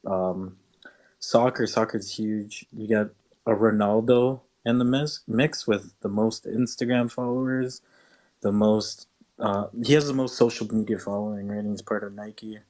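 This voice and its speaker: A man's voice: fairly low pitch, steady tone, unhurried, darkish tone. A man rambling through his thoughts in a casual live audio chat, leaning on "like" and "right".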